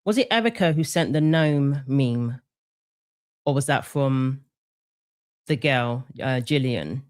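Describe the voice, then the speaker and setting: Woman host, lively pitch, hesitant, dry close sound. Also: takes it slowly, dry recording. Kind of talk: casual chat.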